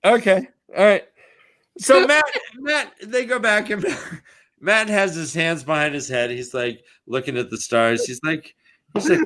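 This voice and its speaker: A man's voice: high voice, measured pace, pushed and bright. A man hosting a casual book podcast, playful and rambling as he recaps chapters. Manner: playful and rambling, acts out characters. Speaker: podcast host.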